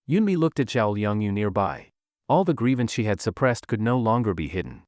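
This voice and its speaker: A man's voice: on the low side, sing-song, fairly quick, darkish tone, dry recording, studio quality. A man narrating a recap of a web comic in a dramatic storytelling manner.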